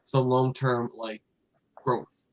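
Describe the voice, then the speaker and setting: A man's voice: medium pitch, level tone, slow, highs cut off, crowd noise. A man hosting a casual fan podcast, talking in a rambling way with lots of fillers and restarts. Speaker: podcast host.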